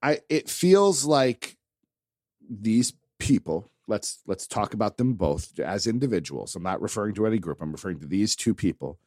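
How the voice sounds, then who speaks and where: A man with a lowish voice co-hosting a podcast in casual chat. He weighs his words carefully. His pitch moves a lot, and the sound is dry and close. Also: big pitch swings, moderate pace, a little mellow, no room sound. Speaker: podcast co-host.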